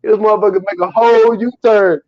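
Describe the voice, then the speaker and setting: A man's voice: high voice, fairly quick, muffled recording. A man co-hosting a casual podcast, retelling a comedy film scene by scene with lots of laughter and acted-out quotes. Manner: animated storytelling, laughs often, acts out quotes. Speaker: podcast co-host. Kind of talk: casual movie recap chat.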